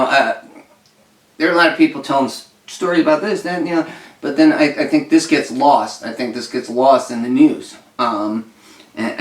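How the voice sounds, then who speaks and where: Man, podcast co-host, rambling mock-serious storyteller, echoey room, distant mic. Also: medium pitch. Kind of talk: casual chat.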